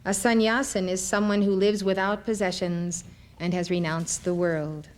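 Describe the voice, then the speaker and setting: A woman lecturer reading spiritual stories aloud in a measured, deliberate way. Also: mid-range voice, fairly even intonation.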